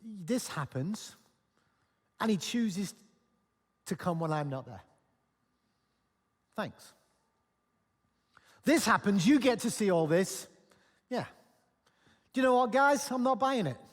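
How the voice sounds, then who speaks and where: Preacher doing a sour doubting disciple, flat and dismissive, a bit lower and softer than his own voice, echoing hall. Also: normal speed, pauses often. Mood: sarcastic. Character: disillusioned, sarcastic adult male disciple.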